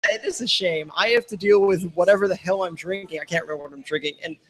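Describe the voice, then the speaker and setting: A man's voice: high-pitched, fast talker, fairly bright tone, rough recording. A man, a podcast guest telling a story in casual chat, acting out the dialogue and laughing as he goes. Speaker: podcast guest, supporters group founder.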